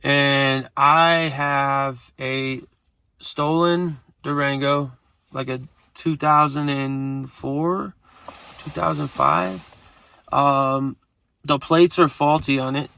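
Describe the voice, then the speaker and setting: Gravelly, profane man telling a story. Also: medium pitch, steady tone, extremely slow, bright, forceful tone, dry recording. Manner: profane, streetwise, rambling. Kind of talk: casual storytelling.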